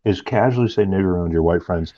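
A man co-hosting a podcast in casual banter, with a flat, matter-of-fact delivery. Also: low-pitched, fast talker, no echo, highs cut off. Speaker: podcast co-host.

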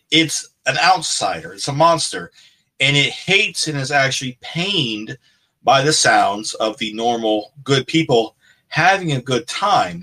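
A man's voice: mid-range voice, bright, forceful tone, poor audio. A man co-hosting a podcast, talking casually in a rambling, profane rant. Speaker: podcast co-host. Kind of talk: casual chat.

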